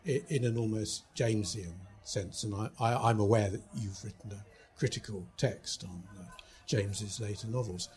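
A man's voice: lowish voice, normal speed, few pauses, a little mellow, faint music behind. Hesitant man asking an audience question. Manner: hesitant, stumbling over words. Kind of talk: audience question at a book event.

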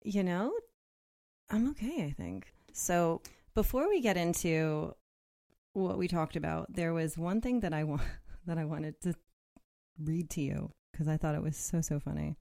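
Chatty low-voiced woman podcast host. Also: unhurried, creaky, dark tone. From Connecticut. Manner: chatty, laughs often, reads aloud. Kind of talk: casual chat.

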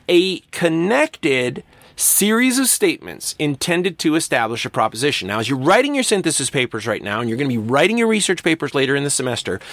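A man's voice: medium pitch, no echo. A man teaching a university writing class in a recorded lecture, talking casually and acting out quoted voices. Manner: animated, acts out quoted voices. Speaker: university English instructor.

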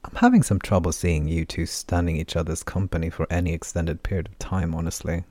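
A bruised, sore young adventurer who copes through dry grumbling, as a man reads the part. The voice stays low and close. No room sound colors it. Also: lively intonation, a little fast, darkish tone, dry recording.

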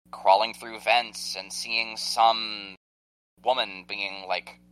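This podcast co-host is a man with a lowish, slightly bright voice, heard on a low-quality recording. He talks through a film's plot casually, rambling and hesitating as he goes.

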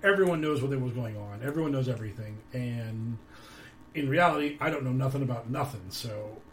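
A man's voice: mid-range voice, brisk, slight background noise. A man hosting his own show, talking in a rambling, sardonic way with lots of fillers. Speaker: podcast host. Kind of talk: casual commentary.

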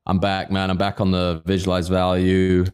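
A man's voice: low voice, monotone, moderate pace, a little mellow, clean tone. A man co-hosting a podcast, chatting casually and rambling with plenty of fillers. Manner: laid-back, rambling with fillers. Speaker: podcast co-host. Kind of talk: casual chat.

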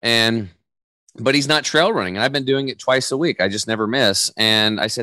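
A middle-aged man, a podcast guest, talking in an energetic, casual way with slang. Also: mid-range voice, moderate pace, dry recording. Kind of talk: podcast interview.

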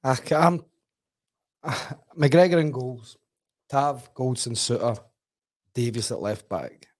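A man's voice: medium pitch, animated, slow, a little mellow. A Scottish man and former footballer in a casual football chat, blunt and sweary as he tells stories.

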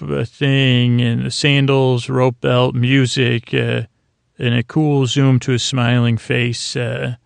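Gravelly man rambling through a recap. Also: mid-range voice, no room sound. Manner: loose, rambling retelling full of fillers and restarts. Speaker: podcast host. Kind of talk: casual episode recap.

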